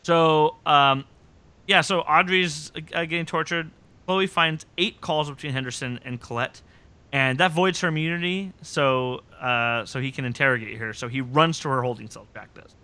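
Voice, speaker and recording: Male podcast host, slightly high, bright voice, enthusiastic storyteller. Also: normal speed, smooth. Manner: animated storytelling, quotes scenes with relish. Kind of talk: casual recap chat.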